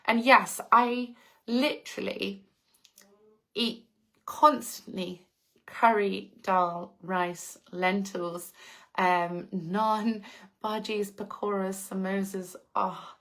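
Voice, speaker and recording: A woman's voice: mid-range voice, steady tone, very slow, fairly bright tone. English woman, live-stream host, casual chat, effusive, laughs a lot. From England. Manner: effusive, gushing, laughs often. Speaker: live-stream host reading viewer comments.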